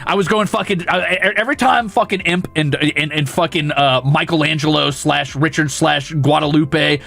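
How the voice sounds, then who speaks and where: A man's voice: fairly high pitch, normal speed, vocal fry, hardly any pauses, fairly bright tone. A young man chatting casually on a stream, rowdy and mischievous, swearing often and laughing a lot.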